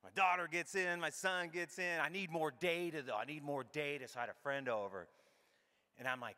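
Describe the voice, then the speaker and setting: A middle-aged man giving a comedic keynote talk, animated and irreverent, acting out his own thoughts as he tells the story. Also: fairly high pitch, brisk. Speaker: keynote speaker. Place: large conference hall. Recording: long hall reverb.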